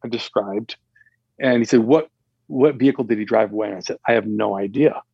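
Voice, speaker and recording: A man telling a personal story in a casual, animated way, acting out the dialogue with raised voices. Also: lowish voice, fairly quick, creaky, husky, no echo, highs cut off. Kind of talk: casual anecdote.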